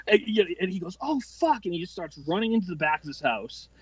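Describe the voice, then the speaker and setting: A man's voice: high-pitched, lively intonation, breathy edge, no room sound, muffled recording. A man in his late twenties telling a long, profane story as a podcast guest, rambling and restarting as he goes. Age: 20s. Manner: profane, rambling, quick-tempered delivery. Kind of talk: casual storytelling.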